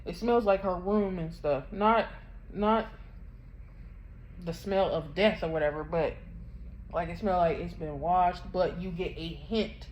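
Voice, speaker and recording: A grieving woman vlogging from her bedroom, telling a painful story in a halting, rambling way, close to tears. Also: on the low side, a little mellow. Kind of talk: emotional personal confession vlog. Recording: dull muffled sound with faint background hum.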